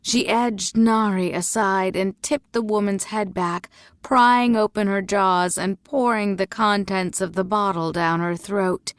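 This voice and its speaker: A woman reading a fantasy novel aloud as narrator, slow and even. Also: medium pitch, smooth, no echo, studio quality. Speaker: audiobook reader. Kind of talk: storybook narration.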